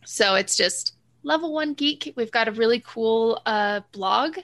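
A woman guest with a bright, sharp voice set a little high. She talks with rambling enthusiasm and keeps drifting off on tangents. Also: measured pace. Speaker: podcast guest. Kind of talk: casual podcast chat.

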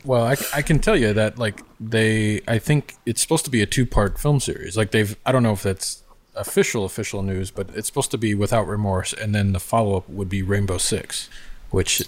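Lowish man theorizing casually. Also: fairly quick. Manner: chatty, theorizing with many fillers. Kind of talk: casual podcast chat.

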